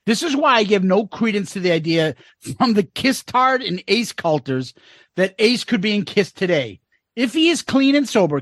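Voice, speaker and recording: Male podcast co-host reading listener mail, lively up-and-down delivery, dry close sound. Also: sits high, no echo. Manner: reads comments aloud with wry asides. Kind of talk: casual podcast chat.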